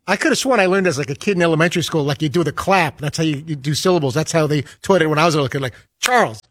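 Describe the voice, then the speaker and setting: Fast-talking, high-voiced man off-mic. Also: fairly bright tone. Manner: rambling, eager. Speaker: show crew member. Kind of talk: studio banter.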